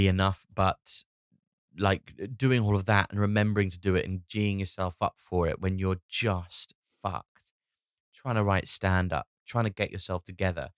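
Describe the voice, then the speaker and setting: Brief: tired man, 30s, solo comic podcaster, deep voice, halting, sweary, dry close sound. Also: clear, resonant tone, no echo. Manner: rambling, halting with many restarts and fillers; swears casually, wry and self-mocking. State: tired from lack of sleep. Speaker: comedian and solo podcast host. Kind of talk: rambling solo podcast monologue.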